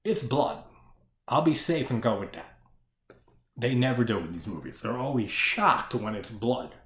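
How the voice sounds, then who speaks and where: A man's voice: medium pitch, animated, measured pace, fairly bright tone, reverberant. A man giving a casual solo discussion of a horror film, ranting with plenty of swearing and frequent laughter. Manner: profane, ranting, laughs often.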